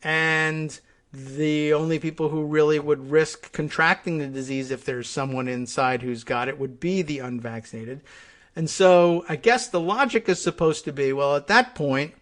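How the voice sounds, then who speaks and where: A man's voice: fairly high pitch, normal speed, a bit bright. Exasperated man hosting a political show. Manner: exasperated, thinking aloud. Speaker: host. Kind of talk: political commentary monologue.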